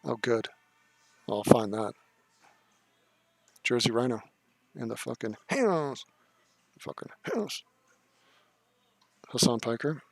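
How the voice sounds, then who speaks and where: A man's voice: medium pitch, measured pace, vocal fry, pauses often, no echo. Sarcastic, profane male streamer. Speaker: streamer reacting to clips. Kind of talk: casual live-stream commentary.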